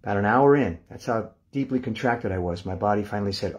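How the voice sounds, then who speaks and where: Calm older man guiding relaxation. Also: fairly low pitch. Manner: calm, unhurried, counts down softly to a hushed release. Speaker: meditation instructor. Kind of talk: guided relaxation lesson.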